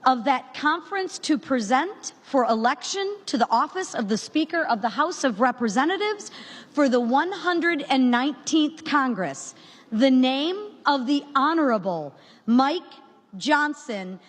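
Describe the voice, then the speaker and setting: A woman delivers a formal, deliberate floor speech, nominating a speaker. Her voice is notably high. A long reverb from a large chamber hangs behind every word. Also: animated.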